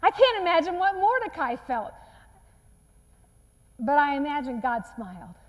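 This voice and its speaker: Woman preacher, high voice, earnest storyteller, church sermon with long reverb. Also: very animated, normal speed. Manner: earnest storytelling, acts out quotes softly. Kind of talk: sermon retelling a Bible story. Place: church sanctuary.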